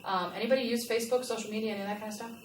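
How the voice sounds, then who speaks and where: Woman workplace trainer, animated, fairly high voice, distant and roomy. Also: very fast. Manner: animated, asks the audience questions. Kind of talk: customer service training talk. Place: large room with a live audience. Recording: echoey room, from a distance, faint noise.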